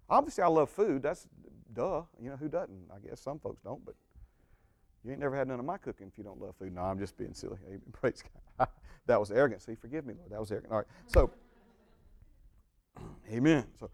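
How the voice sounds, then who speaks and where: A man's voice: mid-range voice, darkish tone, dry recording. A man who is a pastor, teaching a church group in a folksy, joking way and saying amen often.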